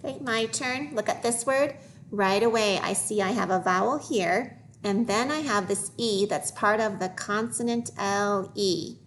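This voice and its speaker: Woman, primary teacher, phonics lesson; slow modeled reading, a little background hiss. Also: medium pitch. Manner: slow, deliberate modeling of words for young learners.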